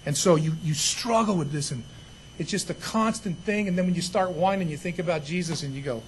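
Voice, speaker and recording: A man preaching a sermon as pastor, conversational and animated, with joking asides. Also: a little high, fairly quick, a little hiss or hum, rough recording.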